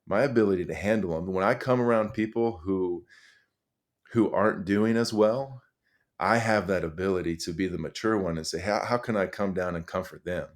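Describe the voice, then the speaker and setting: Earnest man telling stories, lowish voice. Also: moderate pace. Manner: earnest, animated, many fillers and restarts. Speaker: podcast guest, high school coach. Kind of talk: conversational storytelling.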